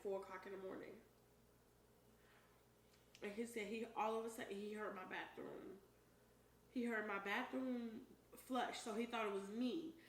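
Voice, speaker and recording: A young adult woman telling a personal story to camera, emphatic and profane, with loud shouted quotes. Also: fairly high pitch. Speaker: vlogger. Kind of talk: storytime while eating on camera. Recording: roomy echo, voice a bit far from the mic, faint noise.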